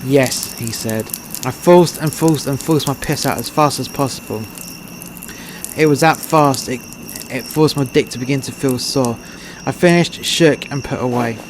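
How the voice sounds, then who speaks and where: A man's voice: mid-range voice, moderate pace, slight background noise. A man with an English accent narrating a short story in a crude, blunt way. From England.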